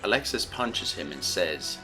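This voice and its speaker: A man with a low, deep voice narrating a fan audiobook, telling the story in a steady, earnest way. Clear music plays behind him throughout. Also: a little slow.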